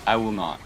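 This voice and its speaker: A man's voice: fairly low pitch, a bit bright, slight background noise. A young man hosting a casual livestream, chatting, joking and answering viewer questions. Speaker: livestream host.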